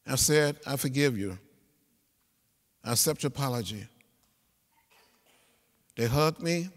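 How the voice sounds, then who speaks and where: A man, giving an inspirational speech in a rhythmic, preacher-like cadence with repeated phrases that swell to loud peaks. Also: mid-range voice, animated, a little slow. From Alabama. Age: 70s. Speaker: guest speaker. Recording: long reverb of a big hall.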